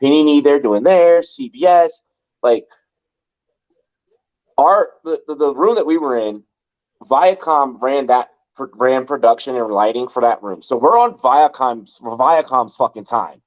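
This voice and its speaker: A man's voice: medium pitch, unhurried, dull audio. A man from Los Angeles hosting a podcast, telling a story in casual chat, rambling and profane with constant "like" fillers. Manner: rambling and profane, heavy use of "like". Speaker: podcast host.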